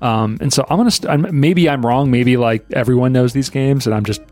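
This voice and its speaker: A man co-hosting a podcast in casual chat, reflective and thinking aloud with pauses. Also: mid-range voice, darkish tone, soft background music. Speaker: podcast co-host.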